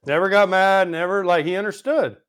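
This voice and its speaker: A man telling animated, profane stories in a casual podcast chat, acting out the quotes. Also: high-pitched, fairly quick, smooth. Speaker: podcast co-host and former teammate.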